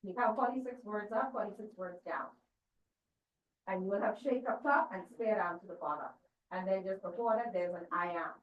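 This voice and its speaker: A woman's voice: medium pitch, normal speed. Woman teaching scripture, echoey and distant. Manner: questioning, checks in with listeners. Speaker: church lecturer. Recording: distant echoey dull room recording.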